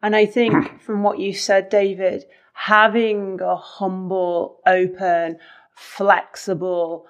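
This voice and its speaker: A woman co-hosting a podcast who speaks in a measured, deliberate way and sums up the ideas under discussion. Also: medium pitch, level tone. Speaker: podcast co-host. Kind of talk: reflective podcast conversation.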